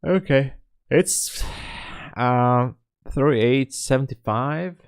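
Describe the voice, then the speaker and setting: A man's voice: mid-range voice, very slow, clear, resonant tone. A man giving live trading commentary, thinking aloud in a muttering, joking way full of fillers. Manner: muttering, joking, self-talk with sighs and fillers. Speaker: day trader streaming live trades.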